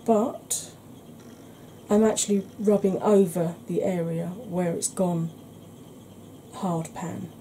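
A woman explaining her makeup steps in a soft, chatty ASMR tutorial, often clearing her throat. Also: lowish voice, steady tone, takes it slowly, long pauses, slight background noise, low-quality recording. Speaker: beauty vlogger.

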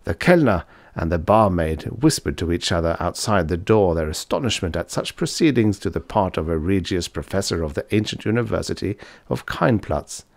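Lowish guy reading an old story, super lively, dry close sound. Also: moderate pace, gravelly, no echo. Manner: expressive storytelling. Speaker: audiobook narrator. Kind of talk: scripted narration.

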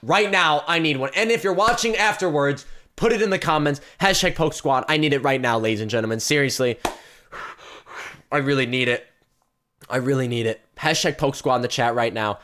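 A young man streaming a video game and unboxing cases, excitable, swinging from hushed mumbling to loud yelps and repeating phrases in rapid strings. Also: medium pitch, slight background noise. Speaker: gaming streamer. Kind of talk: live-stream case unboxing commentary.

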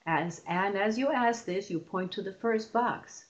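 A woman leading a lesson for teachers, explaining patiently and stretching example words out slowly. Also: mid-range voice, muffled recording. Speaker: teacher trainer.

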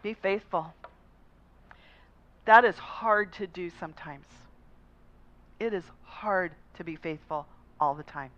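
A woman's voice: on the low side, takes it slowly, long pauses, a bit bright. A woman pastor preaching a sermon in a conversational, storytelling manner. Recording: slightly dull lo-fi recording.

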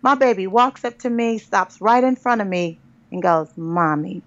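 A woman author, a podcast guest, telling a personal story in an animated, conversational way and calling listeners "girl". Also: fairly high pitch, moderate pace. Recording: dull lo-fi podcast audio.

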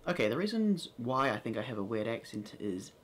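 Young man, kiwi accent, playful casual vlogger, mid pitch. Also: big pitch swings, a bit bright, a little hiss or hum. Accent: New Zealand. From New Zealand. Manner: playful, reads word list with drawn-out words. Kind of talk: casual accent tag video.

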